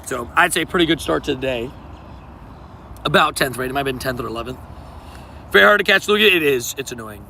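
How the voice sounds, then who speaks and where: Chill young dude live streaming outside, kinda raised bright voice with some gravel, slangy, hypes up chatters, faint traffic behind. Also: male voice, a little high. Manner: laid-back and slangy, greeting chatters by name. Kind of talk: casual live-stream chat.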